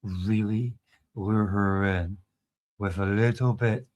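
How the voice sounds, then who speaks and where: A man's voice: lowish voice, steady tone, takes it slowly, darkish tone. A man with a Scottish accent, rambling through crude, sweary stream commentary.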